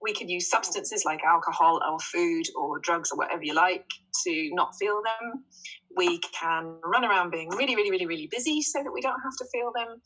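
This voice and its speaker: Woman chatting earnestly, bright tense voice, bit breathy, laughs a lot. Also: lowish voice, brisk, low-quality recording. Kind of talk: casual chat.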